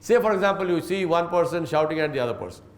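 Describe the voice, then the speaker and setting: A man teaching as an Islamic scholar, with a voice sitting a little high for a man. He lectures earnestly, weaving in stories and chuckling through them. The sound carries a roomy echo. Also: lively intonation, quick pace. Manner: earnest, storytelling, chuckles when recounting. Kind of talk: religious lecture with anecdotes.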